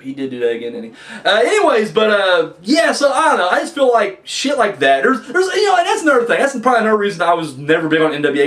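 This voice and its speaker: A young man hosting a casual wrestling review, ranting and swearing with lively energy. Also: sits high, roomy sound, far from the mic. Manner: ranting, profane, animated.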